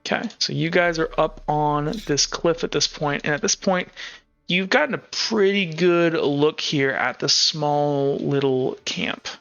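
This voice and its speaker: Casual male game master, bright, slightly high voice, dull lo-fi mic with faint music behind. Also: unhurried, creaky, clear, resonant tone. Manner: casual, many filler words. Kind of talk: narrating a tabletop game.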